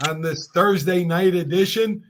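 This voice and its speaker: An older man with a hoarse voice hosting a casual talk-show interview, chatty and halting, with many fillers. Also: high-pitched, a little hiss or hum. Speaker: host.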